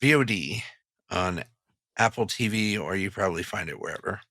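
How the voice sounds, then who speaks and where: A man's voice: low voice, animated, moderate pace, sharp tone, no room sound, clean studio sound. A man co-hosting a podcast in casual chat, loose and joking, swearing freely. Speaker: podcast co-host.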